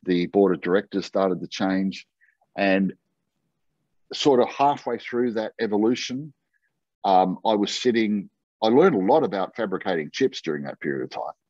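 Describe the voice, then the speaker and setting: Low-voiced Australian man telling a story. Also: normal speed, dry recording. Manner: animated anecdote-telling, acting out quoted dialogue. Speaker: interview guest. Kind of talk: conversational storytelling. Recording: dull, lo-fi and dry.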